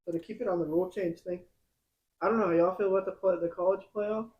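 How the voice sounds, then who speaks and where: Fast-talking, husky man. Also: sits high, steady tone, muffled recording. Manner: quick, loose, lots of fillers. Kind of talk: casual sports chat.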